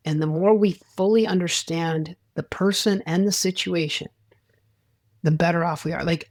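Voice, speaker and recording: A sports psychologist, a man with a slightly high voice, talks as a guest in a casual interview, rambling with restarts and acting out quoted dialogue. The recording is dry and studio quality.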